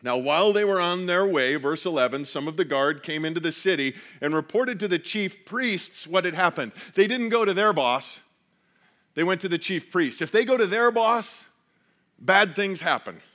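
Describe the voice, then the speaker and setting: A man preaching a sermon, reading scripture aloud and explaining it with animated storytelling. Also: high voice, normal speed. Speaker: pastor.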